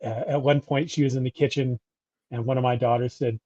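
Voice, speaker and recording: A man's voice: medium pitch, steady tone, fairly quick, dark tone, no room sound. A middle-aged man co-hosting a podcast, chatting casually in a rambling way and often restarting his sentences. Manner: rambling, self-correcting, chatty. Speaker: podcast co-host. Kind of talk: casual chat. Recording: dull lo-fi audio.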